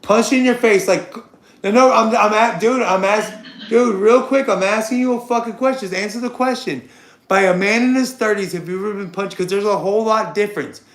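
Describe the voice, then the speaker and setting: A man in his thirties hosting a livestream, ranting crudely and confrontationally at a chatter, loud and excitable and repeating himself. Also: high-pitched, a little fast. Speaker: livestream host. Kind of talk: unscripted livestream rant. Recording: roomy echo.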